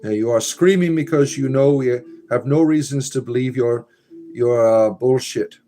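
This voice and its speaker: A man with a medium-pitched, mellow voice hosts a casual livestream at a normal speed. He reads viewer comments aloud, adding wry remarks and muttered asides.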